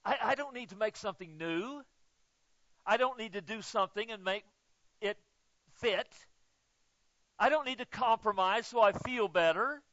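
A pastor preaching a sermon, swinging from loud emphatic lines to soft, low ones. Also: male voice, normal speed, long pauses, dry recording. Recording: dull, muffled, dry sound.

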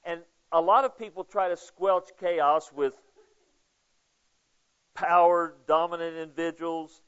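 A man's voice: a little high, steady tone, a little slow, smooth. A man preaching a casual, conversational Bible study sermon, asking listeners questions by name. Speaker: pastor. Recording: dull lo-fi sound.

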